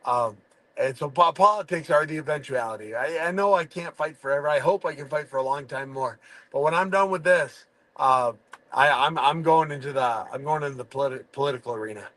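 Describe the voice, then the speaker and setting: A man's voice: a little high, brisk, fairly bright tone, low-quality recording. A man talking in a casual podcast chat, often restarting and stammering as he thinks aloud. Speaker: guest, fighter.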